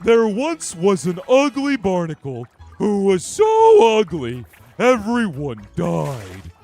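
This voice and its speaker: A dopey, childish cartoon starfish, as a streamer puts it on, loud and drawn out very slowly. The goofy delivery comes across a bit distant. Faint music plays underneath. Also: male voice, sits high, huge pitch swings, voice pushed up, full character voice. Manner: slow, dopey, exaggerated.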